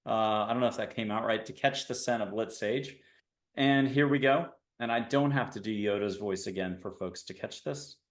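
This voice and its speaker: A man's voice: on the low side, normal speed, reverberant. A man hosting an interview show in a casual, rambling way, cracking dad jokes. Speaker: podcast host. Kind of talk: casual video-call interview.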